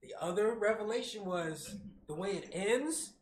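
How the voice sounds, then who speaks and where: Guy excitedly recapping a movie, doing the characters' lines, echoey room, faint hum. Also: high voice, moderate pace. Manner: animated storytelling, acts out characters, swears freely. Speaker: podcast co-host. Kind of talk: casual movie recap chat.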